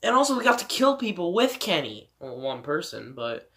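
A man's voice: on the high side, very animated, moderate pace, fairly bright tone. A man giving casual game commentary, rambling and swearing with many fillers. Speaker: let's play gamer.

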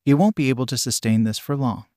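A man reading as a monstrous male kaiju hero, proud and defiant, who growls out his lines with stubborn resolve. The voice sits at an ordinary middle pitch in a dry, close recording, like a storybook fight narrated aloud. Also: quick pace, darkish tone, dry recording, close to an everyday voice.

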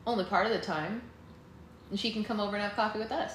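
Woman rambling to her livestream viewers, bright tone, roomy echo and faint hiss. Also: medium pitch, very animated, fast. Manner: chatty, rambling, talks to viewers. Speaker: book club livestream host. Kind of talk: casual livestream chat and reading aloud.

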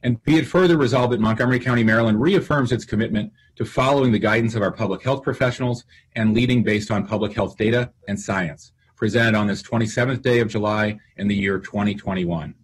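A man leads a council session, reading a formal resolution. His voice sits low and a bit husky, and his cadence is measured and official. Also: poor audio. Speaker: council president.

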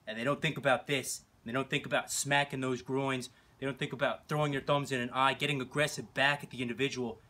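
A man's voice: medium pitch, bright, forceful tone. A man teaching self-defense in a casual talk to camera, blunt and emphatic, hammering key phrases through repetition.

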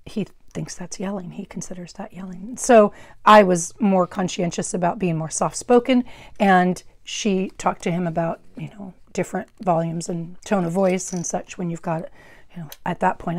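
Chatty middle-aged woman, loud and dry. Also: lowish voice, no echo. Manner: rambling, friendly, with asides and self-corrections; naturally loud speaking voice. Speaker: craft tutorial host. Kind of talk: chatty step-by-step craft demonstration. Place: indoors at a craft workstation. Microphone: wearable microphone.

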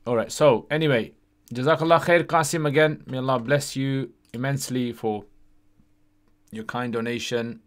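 A man's voice: medium pitch, fairly even intonation, normal speed. A man hosting a casual livestream Q&A, chatty and often tagging his sentences with "yeah?". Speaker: livestream host answering questions.

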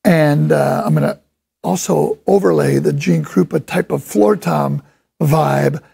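A man giving a casual, enthusiastic drum lesson, rambling from one point to the next and sometimes voicing drum rhythms out loud. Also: on the high side, unhurried, gravelly, breathy edge. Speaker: drum instructor.

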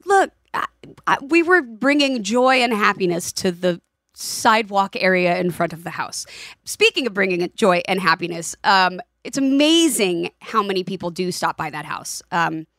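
A woman in her forties co-hosting a podcast, casual chat, telling lively anecdotes and acting out the voices in them. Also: medium pitch, normal speed, dry recording, studio quality. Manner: animated storyteller, acts out voices in anecdotes. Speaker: podcast co-host.

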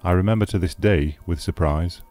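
Brief: male audiobook narrator, low dark tone, dry close sound, faint music under. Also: brisk. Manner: steady, grave storytelling. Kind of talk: scripted narration.

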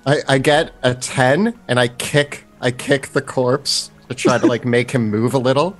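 A man's voice: medium pitch, steady tone, measured pace, fairly bright tone, soft background music. A man playing a tabletop game, speaking hesitantly and laughing at himself. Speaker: player. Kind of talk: casual tabletop play.

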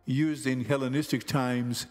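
A man teaching Greek grammar in slow, careful scripted narration, pronouncing each word deliberately. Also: medium pitch, fairly even intonation. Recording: long hall reverb with faint music.

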